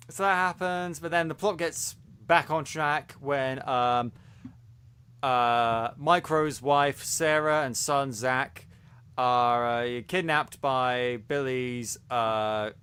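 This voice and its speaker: A man's voice: mid-range voice, pushed and bright, clear, resonant tone. A man co-hosting a podcast, reviewing a series in casual chat, talking animatedly with many restarts and stumbles. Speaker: podcast co-host.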